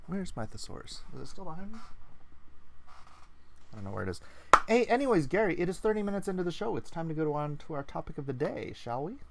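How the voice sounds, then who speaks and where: Co-host, man in his 40s, gravelly and animated, casual rambling chat, dry close mic. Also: on the high side, a little fast, background noise. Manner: chatty, laughing, rambling.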